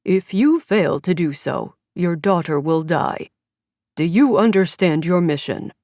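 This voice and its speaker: A woman's voice: on the low side, moderate pace, no room sound, studio quality, close to an everyday voice. A woman voicing a cold, emotionless kidnapper. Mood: demanding. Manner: flat, commanding, emotionless. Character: cold male kidnapper behind a mechanical voice. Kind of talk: audiobook character reading.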